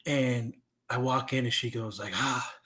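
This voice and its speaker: A young man tells a story on a podcast in a casual chat. He is animated and keeps acting out the people in it, with a voice of middling pitch. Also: moderate pace. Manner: animated, acts out voices in his stories. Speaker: podcast guest.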